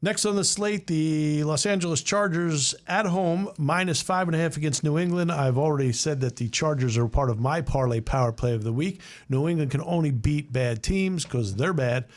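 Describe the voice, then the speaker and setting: Chatty man hosting a betting show. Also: a little high. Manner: chatty, blunt, halting with fillers. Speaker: sports betting show host. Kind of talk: casual sports betting chat.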